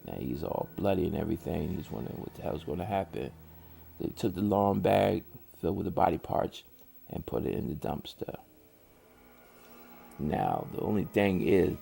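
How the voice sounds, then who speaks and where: A man's voice: low voice, vocal fry, warm tone, a little hiss or hum. A man casually narrating a horror story in a drawling, colloquial way with loose grammar.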